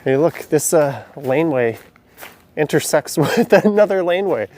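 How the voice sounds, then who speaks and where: A man's voice: on the high side, animated, moderate pace, darkish tone, a little hiss or hum. A man, walking city alleys at night on a live stream, chatting and answering viewers' questions as he goes. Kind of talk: casual live-stream narration reading chat.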